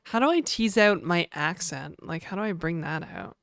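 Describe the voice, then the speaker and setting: A woman's voice: lowish voice, lively intonation, moderate pace, vocal fry, fairly bright tone, no room sound, studio quality. A woman from New Brunswick with a mild Canadian accent, chatting casually and jokingly with her live-stream viewers. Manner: chatty, joking, answers chat aloud.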